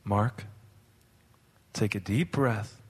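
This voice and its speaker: Deep, calm voice of God, as a man plays it. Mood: calm reassuring. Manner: calm, unhurried, reassuring. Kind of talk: church drama skit. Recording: reverberant hall.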